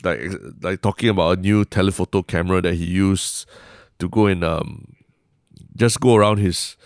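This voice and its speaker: Singaporean dude on a podcast, really low voice, dry close mic, rambly casual talk with lots of lah. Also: male voice, fairly even intonation, normal speed, no room sound. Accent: Singaporean English. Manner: rambling, self-interrupting, frequent "lah" and "like". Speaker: podcast co-host.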